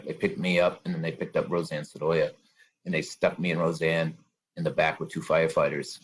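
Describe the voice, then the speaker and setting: A man's voice: very deep voice, fairly even intonation, a little fast, slightly rough. A man telling his own story as an interview guest, in plain conversational storytelling. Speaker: guest, bombing survivor. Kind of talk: personal account in an interview.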